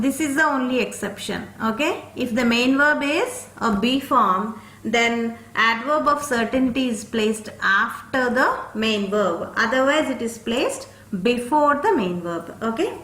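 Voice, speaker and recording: A woman's voice: fairly high pitch, animated, unhurried, a bit bright, echoey room. A woman teaching an English grammar lesson, explaining step by step and checking in with "okay?" after each point.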